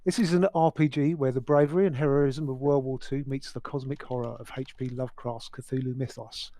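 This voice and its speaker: A man's voice: medium pitch, steady tone, a little fast, mellow, dry recording. A man hosting as game master, introducing the players and the game in a jovial, theatrical way. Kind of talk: hosting and narrating a tabletop game.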